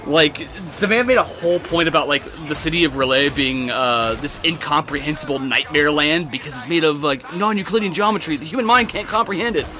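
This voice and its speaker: A man's voice: a little high, fairly quick, few pauses, a crowd in the background. A young man, telling rambling, profane stories while gaming with friends. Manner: rambling, profane storytelling with laughs. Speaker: gamer chatting with friends. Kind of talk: casual gaming chat.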